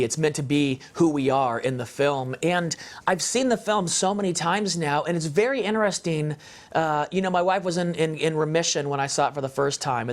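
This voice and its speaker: A man speaking as an interview guest in an impassioned, emphatic, preacher-like way about faith and family. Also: on the high side.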